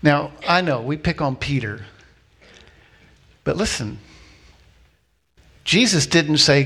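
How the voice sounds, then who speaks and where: A man preaching a sermon as a pastor, telling a story with lively acted-out voices and repeating key lines slowly for emphasis. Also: on the high side, slightly rough. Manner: animated storytelling, acting out voices of people in the story.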